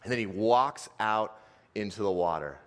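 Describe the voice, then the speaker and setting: Low-voiced preacher in a reverberant hall. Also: male voice. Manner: dramatic, swings from fast and loud to slow and hushed. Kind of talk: sermon storytelling.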